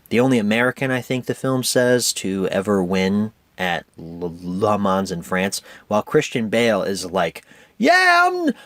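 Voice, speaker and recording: A young man hosting a casual home media review, animated and rambling, often correcting himself. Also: on the low side, no room sound.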